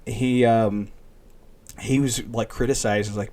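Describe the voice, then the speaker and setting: Man, podcast co-host, casual chat, relaxed and rambling, medium pitch. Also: unhurried.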